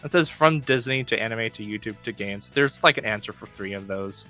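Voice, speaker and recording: A stream guest with a bright, sharp tone at a middle pitch, chatting casually. They laugh often, speak with enthusiasm and restart words quickly. Faint music sits softly in the background. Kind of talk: casual chat.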